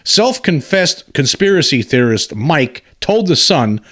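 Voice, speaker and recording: Man, slightly higher voice, host reading a news piece aloud, cuts in with scoffing, incredulous remarks. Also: very animated, a little slow, a bit bright. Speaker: commentary host. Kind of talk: reading an article aloud with commentary.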